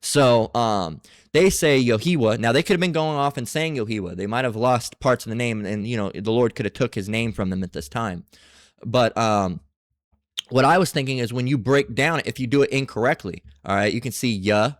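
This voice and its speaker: A man giving a casual scripture lesson, reading passages aloud and talking in a halting way with many fillers and restarts. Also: medium pitch, no echo, studio quality. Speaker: religious teacher.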